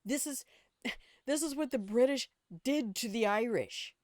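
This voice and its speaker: A woman's voice: a little high, unhurried, dry recording, clean studio sound. An older woman chatting casually while streaming a game, blunt and opinionated, swearing freely and rambling from one aside to the next. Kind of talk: casual gameplay commentary.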